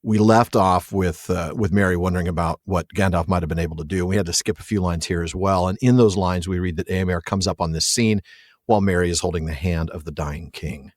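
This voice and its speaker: A man co-hosting a podcast in casual chat, jokey and quick to laugh. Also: sits low, fairly even intonation, no echo, studio quality. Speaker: podcast co-host.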